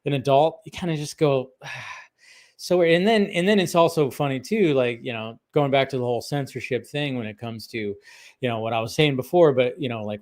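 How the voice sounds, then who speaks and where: A man in his thirties co-hosting a podcast, talking in a rambling, animated way with lots of fillers and restarts. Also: medium pitch. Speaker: podcast co-host. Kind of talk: casual chat.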